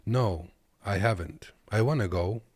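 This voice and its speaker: A man's voice: fairly low pitch, measured pace, slightly rough. A man from Kazakhstan who drives trucks, giving laid-back, joking reaction commentary from his desk. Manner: laid-back, joking, talks to viewers as "boys".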